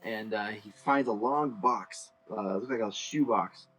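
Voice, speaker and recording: A man's voice: measured pace, breathy edge, faint music behind, rough recording. A man narrating and running a tabletop role-playing game as game master, talking loosely with many fillers. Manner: rambling with many fillers, bursts into high shouted character voices.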